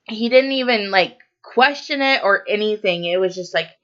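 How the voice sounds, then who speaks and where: A woman's voice: medium pitch, normal speed, a bit bright, muffled recording. A woman co-hosting a podcast, casually retelling a movie's plot with lots of fillers and quoted lines. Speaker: podcast co-host.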